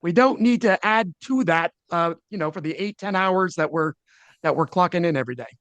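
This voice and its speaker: A man's voice: sits high, brisk, fairly bright tone, dry recording. A man, a leadership speaker answering as a podcast guest, earnest and often restarting his sentences. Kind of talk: conversational interview.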